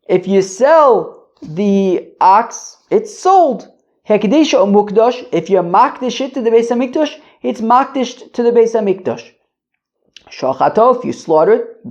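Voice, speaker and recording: This casual daily Talmud lesson comes from a podcast host who reads Aramaic passages and then explains them in loose English, repeatedly stumbling and repeating words as he searches for the right phrasing. His voice sits high with a darkish tone, and the podcast audio is dull and lo-fi.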